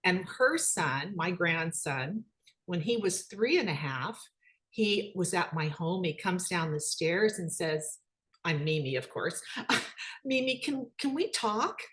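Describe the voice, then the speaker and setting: A middle-aged woman telling personal stories about her children in an animated way, voicing their dialogue. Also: slow pace, slight background noise. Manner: animated, acts out quoted dialogue with rising pitch. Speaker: speaker, children's book author. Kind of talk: personal storytelling talk.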